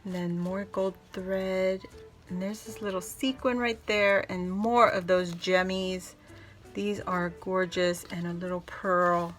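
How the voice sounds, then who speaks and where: A woman hosting a casual crafting vlog, gushing and excitable as she shows off a handmade gift and talks to her viewers. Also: on the low side, takes it slowly, faint music behind. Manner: gushing, excitable, squeals and laughs often; addresses viewers as "guys". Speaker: crafting video host.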